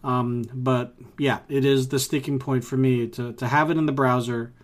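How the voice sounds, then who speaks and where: A man's voice: medium pitch, little pitch movement, normal speed. A man co-hosting a casual tech podcast, rambling with restarts and acting out his reactions. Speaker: podcast co-host.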